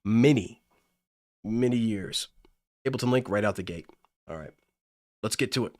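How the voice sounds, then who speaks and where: A man's voice: medium pitch, animated, moderate pace, long pauses, no echo, clean studio sound. Enthusiastic man hosting a music livestream. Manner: enthusiastic, gushing. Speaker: livestream host. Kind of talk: casual livestream chat.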